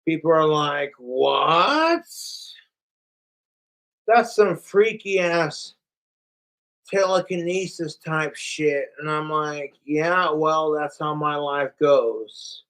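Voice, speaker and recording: A man's voice: on the high side, slow, a bit bright, low-quality recording. A young man ranting profanely and rambling on a casual livestream, talking straight to his chat.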